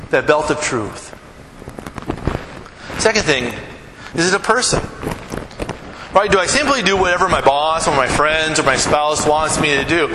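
Conversational preacher in an echoey hall. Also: male voice, high voice, background noise. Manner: conversational preacher, rhetorical questions, acts out anecdotes. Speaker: pastor. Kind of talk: sermon.

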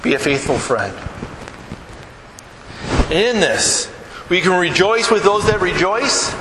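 A middle-aged male pastor speaks in a high, conversational voice, often turning to his congregation for agreement. His sermon carries through a roomy church hall with a long echo and steady background noise. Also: slow pace. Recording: echoey hall with room noise.

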